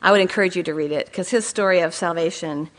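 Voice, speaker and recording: A woman's voice: on the low side, fast. A middle-aged woman giving a sermon at a weekend church gathering. She tells stories about herself with humor and often asks her listeners direct questions. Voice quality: candid, self-mocking humor, asks the audience direct questions. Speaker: speaker at a weekend church conference. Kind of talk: sermon with personal storytelling.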